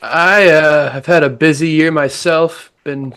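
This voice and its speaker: Flat-voiced man on a podcast. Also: fairly high pitch, measured pace, smooth. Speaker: podcast co-host. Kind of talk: casual podcast chat.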